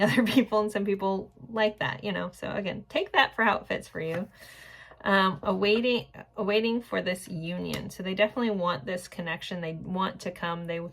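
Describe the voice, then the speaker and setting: A woman's voice: medium pitch, creaky, a bit bright. A woman in her forties giving a casual pick-a-card tarot reading, rambling and chatty with lots of filler words. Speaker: tarot reader.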